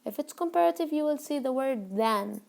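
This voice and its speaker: A woman teaching a grammar lesson, repeating key words slowly and checking that learners follow. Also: high-pitched, animated, gravelly, a little mellow. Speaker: English teacher.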